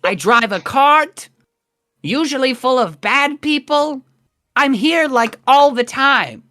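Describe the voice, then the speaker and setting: A man's voice: very high voice, lively intonation, takes it slowly, bright, forceful tone, voice pushed up, full character voice. A man voicing a flustered male gnome cart driver who babbles and pleads to be let in. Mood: pleading.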